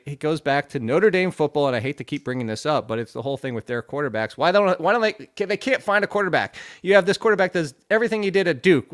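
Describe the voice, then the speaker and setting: A man's voice: fairly high pitch, fairly bright tone. Fired-up man ranting about football. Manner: fired-up ranting, tongue-tied, laughing at himself. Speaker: fantasy football analyst. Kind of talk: casual podcast chat.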